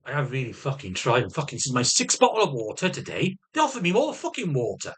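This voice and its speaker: A man's voice: medium pitch, huge pitch swings, fast talker, a bit bright, breathy edge. A man giving a ranting personal health update, swearing constantly and circling back over his words. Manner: swears constantly, rambling and repetitive; agitated, defensive rant. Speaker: vlogger.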